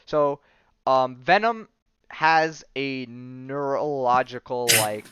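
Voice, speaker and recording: A man's voice: medium pitch, takes it slowly, a bit bright, clear, resonant tone, no echo. A man hosting a podcast, casually retelling a comic story with lots of fillers and frequent laughs. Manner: rambling, many fillers, laughs often. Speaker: podcast host. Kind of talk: casual comic-book recap.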